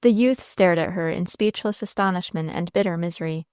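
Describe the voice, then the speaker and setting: A woman narrating a classic novel as an audiobook in a measured, expressive storytelling manner. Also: lowish voice, clear, resonant tone, dry recording, studio quality.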